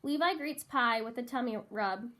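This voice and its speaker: A woman reading a first-person novel aloud in a measured, wry storytelling voice. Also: on the high side, bright, forceful tone. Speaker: audiobook narrator. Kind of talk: first-person audiobook narration.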